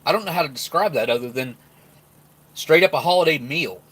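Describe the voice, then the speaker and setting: A man's voice: fairly high pitch, lively intonation, a little fast, a bit bright, husky. A man hosting a casual live-stream food review, rambling and laughing often while he talks with his mouth full.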